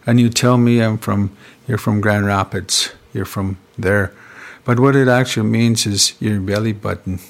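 Gravelly low-voiced man telling stories. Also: steady tone. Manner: unhurried, repetitive, ends phrases with "eh?". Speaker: storyteller teaching traditional star stories. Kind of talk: casual storytelling conversation.

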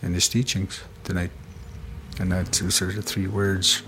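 A man from Canada telling traditional star stories in an unhurried, conversational way, often tagging his phrases with "eh?". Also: sits low, flat delivery, pushed and bright, a little hiss or hum. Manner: unhurried, repetitive, ends phrases with "eh?". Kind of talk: casual storytelling conversation.

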